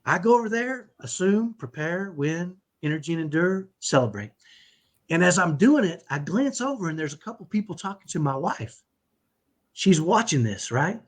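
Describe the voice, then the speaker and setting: A middle-aged man tells his story as a podcast guest in a husky voice. He pitches his speech a little high and keeps checking in with his listener. The delivery is lively and conversational. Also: normal speed. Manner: animated, repeats "right?" often. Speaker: podcast guest, autism dad.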